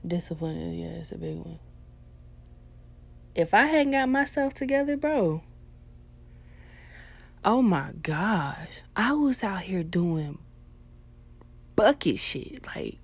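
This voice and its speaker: Low-voiced woman host, blunt and profane, ranting in a casual monologue. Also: vocal fry, slightly rough. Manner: blunt, heavily profane, swings into loud animated ranting.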